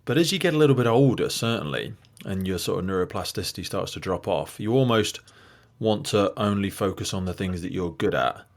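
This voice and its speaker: A man's voice: low-pitched, lively intonation, brisk. A man in his thirties from the UK hosting a podcast, asking long, thoughtful, winding questions. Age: 30s. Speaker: podcast host. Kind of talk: podcast interview.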